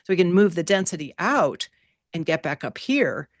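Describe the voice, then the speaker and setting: A woman teaching an online workshop class over a video call, in an animated, playful way that repeats key words. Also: fairly low pitch, normal speed, dry recording, studio quality.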